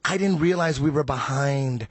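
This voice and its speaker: A man telling a story in casual chat, animated and swearing freely, often restarting his sentences. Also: medium pitch, normal speed, no echo. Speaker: podcast guest.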